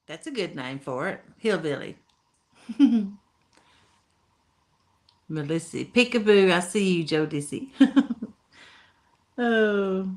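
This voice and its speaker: A woman with a broad Appalachian accent chats her way through a live stream, her pitch swinging up and down as she greets viewers. She takes her time, drawing her words out slowly in folksy, down-home phrasing. She laughs easily between comments. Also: animated, darkish tone. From Tennessee, USA. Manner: laughs often, folksy talk. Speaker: livestream host reading chat. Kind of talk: casual live-stream chat.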